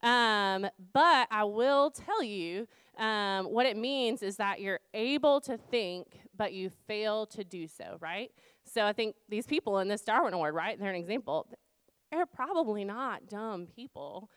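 Woman in her thirties, campus ministry leader, chatty Bible talk, lots of ums, smooth clear voice, dry close sound. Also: mid-range voice, expressive, a little slow, a bit bright, no echo. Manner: conversational, many um fillers, rhetorical questions. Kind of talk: informal Bible talk to students.

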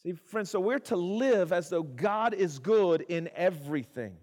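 A man's voice: sits high, lively intonation, unhurried. A male pastor, preaching a sermon in a conversational way, with asides to the congregation and repeated phrases for emphasis. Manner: repeats phrases for emphasis, swings from loud to hushed. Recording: long hall reverb.

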